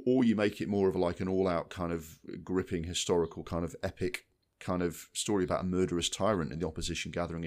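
A man co-hosting a film podcast, talking at length in casual chat, with lots of restarts and repeated words. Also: low-pitched. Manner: rambling, many restarts, animated. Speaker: podcast co-host.

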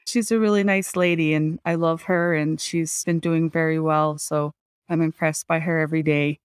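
A woman speaks fondly of her mother in a smooth, clear voice. She laughs easily and stops now and then to find her words. The sound is dry and close. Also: low-pitched, level tone, no room sound. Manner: warm, laughs often, pauses to recall. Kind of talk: personal reflection.

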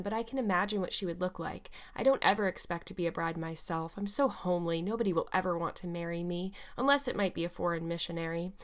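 A woman reading an audiobook, voicing an eleven-year-old orphan girl who chatters eagerly with a clear, sweet voice. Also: lowish voice, lightly acted. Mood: dreamy. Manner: breathless, rambling, eager chatter.

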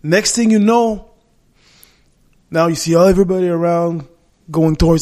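Earnest middle-aged man, higher-pitched voice. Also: animated, moderate pace, darkish tone. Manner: earnest, with frequent restarts and self-corrections. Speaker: guest. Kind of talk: heartfelt personal storytelling in conversation.

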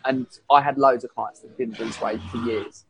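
A man's voice: mid-range voice, steady tone, moderate pace, creaky, background noise. A man, a fitness coach, explaining his coaching method in a chatty, rambling way that corrects itself as he goes. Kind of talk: casual explanatory talk.

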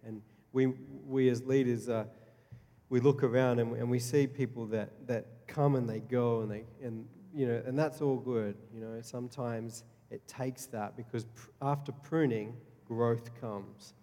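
A man's voice: mid-range voice, steady tone, normal speed, warm tone. A man preaching a sermon as pastor, earnest and repeating his key lines, stumbling and restarting often. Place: church hall. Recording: long reverb of a church hall.

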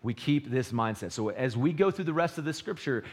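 A man preaching a sermon, animated and full of rhetorical questions to the congregation. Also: medium pitch, brisk. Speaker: pastor. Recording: long hall reverb.

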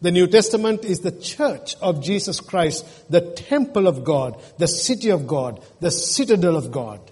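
A man's voice: high voice, lively intonation, moderate pace, darkish tone, slightly rough. A man preaching a sermon as pastor, earnest and emotional, asking his congregation questions. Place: church. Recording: long reverb in a church hall.

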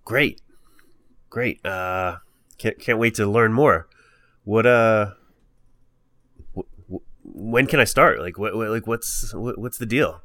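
A man's voice: fairly low pitch, slow pace, long pauses, fairly bright tone, no echo. A man playing an eager half-orc bandit, stammering and repeating himself.

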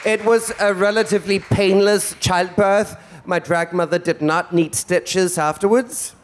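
A man hosting a drag comedy act on stage, his voice sitting a little high. He talks in a flamboyant, theatrical and teasing way. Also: steady tone, unhurried, a faint crowd, a little hiss or hum. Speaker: drag performer and show host. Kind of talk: campy stage stand-up. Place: stage before a live audience.

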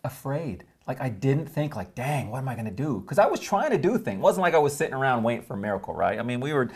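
A man's voice: mid-range voice, very animated, fast talker, breathy edge. An earnest middle-aged man shares his story in an easy, unpolished conversational voice. He stumbles and restarts often, leaning on "you know" as he gathers his thoughts.

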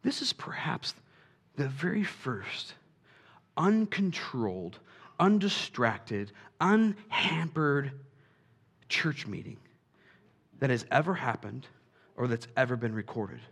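A man preaching a sermon, animated, swinging from quiet asides to shouts and acting out quoted voices. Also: mid-range voice, slow pace, long pauses, slightly rough. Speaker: pastor.

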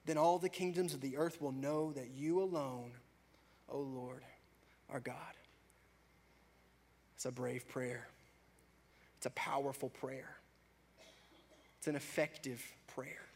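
A man preaching a sermon, rising to loud, fervent prayer and dropping back to a soft, conversational tone. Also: steady tone, slow pace, long pauses, slight background noise. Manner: builds to loud, high-pitched fervor in prayers; drops to soft, low conversational tone between peaks. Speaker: pastor.

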